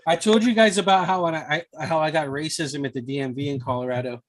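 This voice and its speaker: Brief: fairly high-voiced man, a parent, laid-back profane storyteller on a live stream. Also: fairly even intonation, fast talker, very noisy. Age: adult, has children. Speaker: podcast co-host. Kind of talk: casual chat, storytelling.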